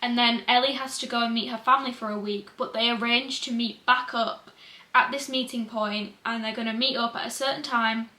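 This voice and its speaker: A woman's voice: on the high side, steady tone, fairly quick, bright, forceful tone. A young woman, chatting casually and enthusiastically about books in a reading vlog. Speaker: book vlogger. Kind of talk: casual chat. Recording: echoey room.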